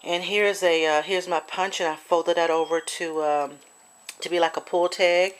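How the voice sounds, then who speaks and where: A woman with a lowish, steady, clear and resonant voice talks at a moderate pace as she shows off a handmade swap project. It's a casual show-and-tell craft video full of fillers and restarts, and at times she gets emotional and apologetic.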